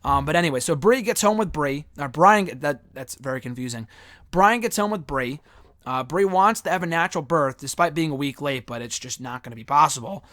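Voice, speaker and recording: Brief: young male reviewer, slightly high voice, dry close sound, chatty recap with casual swearing. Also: animated, brisk, fairly bright tone, no room sound. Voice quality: loose, swears often, many fillers. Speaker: wrestling show reviewer.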